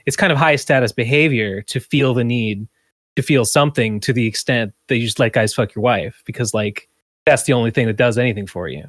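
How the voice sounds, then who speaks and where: A man's voice: mid-range voice, brisk, no room sound. A man co-hosting a podcast in casual comedic chat, making dry, wry remarks.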